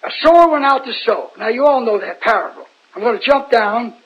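A man's voice: very high voice, animated, a little fast, fairly bright tone, slightly rough. A man preaching an informal Bible sermon in a folksy, rambling way, often putting questions to his listeners. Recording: dull lo-fi recording.

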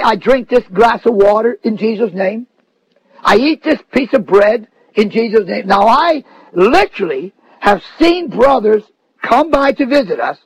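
A man preaching a sermon, emphatic, mocking the views he quotes and rising at times to shouts. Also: very high voice, no room sound, rough recording.

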